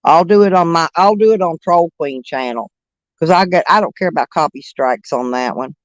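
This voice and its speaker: This middle-aged live streamer has a high, light voice and chats casually with his viewers at a moderate pace, wandering between topics and laughing often. His rambling talk is packed with fillers, and the audio is dry and close with no room echo.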